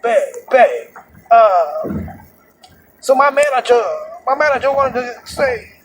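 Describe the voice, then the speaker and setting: A woman's voice: sits high, animated, takes it slowly, voice pushed up. A man doing a riled-up New York woman. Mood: indignant. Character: angry young woman passenger on the phone. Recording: noisy moving car.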